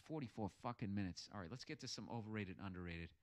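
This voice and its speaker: A man's voice: fairly low pitch, fast talker, a little mellow. An American man hosting a podcast, ranting sarcastically and swearing heavily while reading out listener messages. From United States. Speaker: podcast host. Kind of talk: profane comic rant reading listener messages.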